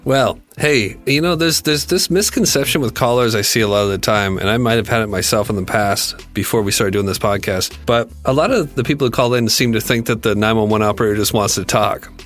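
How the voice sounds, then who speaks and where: A man's voice: fairly low pitch, brisk, few pauses, a bit bright, soft background music. A man co-hosting a podcast, reacting in easygoing casual chat. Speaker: podcast co-host.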